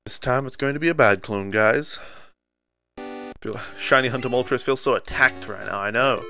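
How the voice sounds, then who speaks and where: A man's voice: mid-range voice, normal speed, gravelly, pushed and bright. A man doing playful live commentary while streaming a video game and joking with his chat. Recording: faint game music behind.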